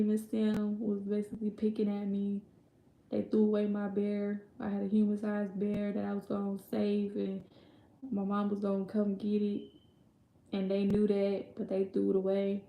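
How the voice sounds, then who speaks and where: Gravelly young woman telling a story. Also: mid-range voice, mellow. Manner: rambling, filler-heavy retelling with quoted voices. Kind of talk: casual storytime. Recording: echoey room.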